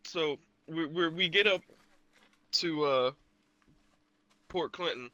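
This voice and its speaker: A man's voice: a little high, slow pace, bright, forceful tone, no room sound, lo-fi sound. A young man co-hosting a podcast, casually telling a story in a laid-back, teasing way. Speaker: podcast co-host.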